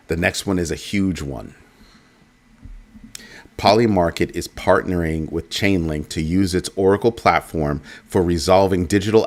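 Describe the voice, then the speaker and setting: Low-voiced new guy doing a casual crypto talk show, jokey and animated. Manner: animated, repetitive, jokey asides. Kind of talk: casual commentary.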